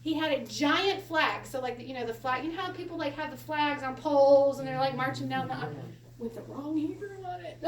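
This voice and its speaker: A high-pitched woman runs a relaxed Hebrew class, chatty and quick to laugh. She is heard from a distance in an echoey room, with a faint hiss underneath. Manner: chatty, laughs often, animated storytelling. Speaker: Hebrew teacher. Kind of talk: casual classroom lesson.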